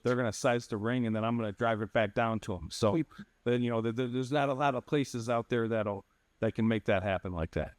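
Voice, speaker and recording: A man's voice: medium pitch, fairly quick, no room sound. A man who is a jeweler, telling a customer story casually with many fillers. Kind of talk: casual interview talk.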